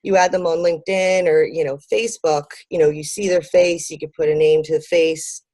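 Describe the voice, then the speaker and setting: A woman with a low, mellow voice answers interview questions in a relaxed, rambling way, full of ums and little laughs. The sound is dry and close. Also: fairly quick, no room sound. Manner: lots of ums and fillers, laughs easily. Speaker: interview guest, marketing business owner. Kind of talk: conversational interview.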